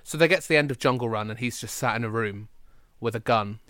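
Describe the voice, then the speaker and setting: A man's voice: medium pitch, quick pace, pushed and bright, dry recording, clean studio sound. A man chatting casually and joking, often slipping into silly voices. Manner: jokey, puts on silly voices. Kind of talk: casual chat.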